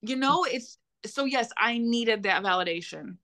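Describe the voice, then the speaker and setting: A woman's voice: fairly high pitch, animated, unhurried, bright, forceful tone. A young adult woman, a podcast guest, telling a painful personal story in a blunt, heated way with frequent swearing.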